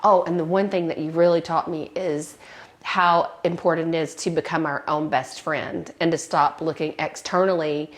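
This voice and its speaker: A woman speaking as a guest in a candid, heartfelt personal testimonial, often pausing on fillers as she reflects. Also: low-pitched, steady tone. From American South. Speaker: client and guest.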